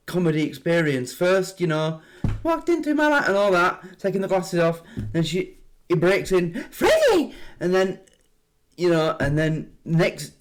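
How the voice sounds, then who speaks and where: An excitable man hosting a reaction video, rambling and swearing. His voice sits high and moves in lively swings. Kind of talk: casual reaction commentary.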